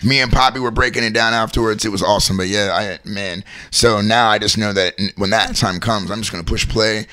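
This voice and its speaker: A man in his thirties, a show host and wedding DJ, telling stories in a casual, animated chat and often laughing. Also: fairly low pitch, brisk, few pauses.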